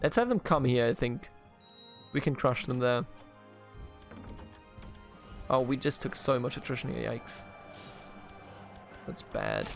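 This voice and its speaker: A man's voice: medium pitch, takes it slowly, gravelly, long pauses, soft background music. A man from Bavaria in Germany commentating a strategy game let's play, playful and mock-grandiose as he talks to the characters on screen. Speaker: gaming video host.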